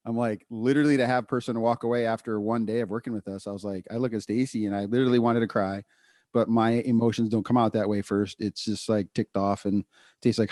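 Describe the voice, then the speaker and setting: A man co-hosting a podcast, telling a candid personal story in casual chat, full of fillers and quick asides. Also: on the low side, steady tone, darkish tone, dry recording, clean studio sound. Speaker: podcast co-host.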